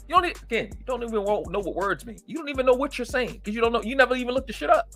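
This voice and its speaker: A man hosts a livestream with a very high, very animated voice, talking quickly in a pushed, bright tone. He rants angrily and mocks his critics with heavy profanity. There is no room sound, just soft background music.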